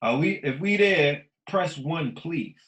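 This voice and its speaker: A man in his thirties hosting a podcast, talking in a casual, preachy monologue that swings from loud emphatic bursts to low mutters. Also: lively intonation, slow, echoey room, low-quality recording. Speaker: podcast host.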